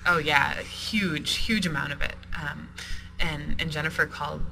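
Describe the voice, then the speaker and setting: A man, a shop owner being interviewed, recounting events in a halting way with many ums and restarts. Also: on the high side, fairly even intonation, creaky, pushed and bright. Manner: storytelling with frequent ums and restarts. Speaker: sex toy store owner. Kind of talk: interview storytelling. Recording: noisy podcast recording.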